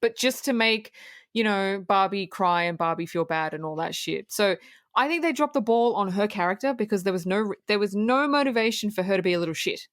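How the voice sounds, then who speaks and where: A woman talking through a film on a podcast, swearing freely and slipping into quick acted-out quotes. Her voice sits at an ordinary middle pitch. The sound is close and dry, with no room around it. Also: dry recording. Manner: blunt, profane, animated recapping with quoted asides. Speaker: podcast co-host. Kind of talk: casual film review chat.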